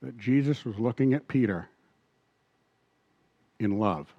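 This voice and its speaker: A man preaching a sermon as pastor, animated and asking the congregation questions. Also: mid-range voice, takes it slowly, husky, no echo, highs cut off.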